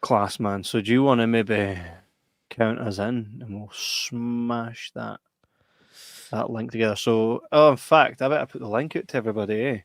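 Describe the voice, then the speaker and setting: A man's voice: mid-range voice, moderate pace, creaky, no room sound. A Scottish man co-hosting a podcast, chatting casually and telling funny stories with lots of laughter and swearing. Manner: animated storyteller, swears and laughs often. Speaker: podcast co-host. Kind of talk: casual chat.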